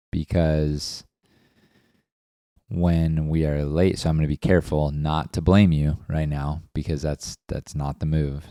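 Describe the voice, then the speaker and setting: Very deep-voiced man, reflective chat. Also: mellow, no room sound, clean studio sound. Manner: reflective, talks through examples with acted-out quotes. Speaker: podcast co-host. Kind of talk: casual chat.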